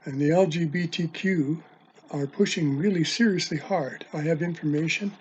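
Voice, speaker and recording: Casting note: man, online preacher, husky and slightly high voice, hesitant delivery, dull lo-fi recording. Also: a little mellow. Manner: halting, with many ums and uhs. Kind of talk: religious video sermon. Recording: dull lo-fi sound.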